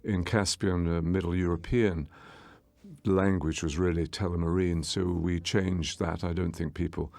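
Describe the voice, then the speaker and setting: A man with a low, gravelly voice recorded close and dry, talking through a film as its director. He explains things in a measured, unhurried way, pausing and restarting small phrases as he thinks. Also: flat delivery, a little mellow, no room sound. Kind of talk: audio commentary on a film.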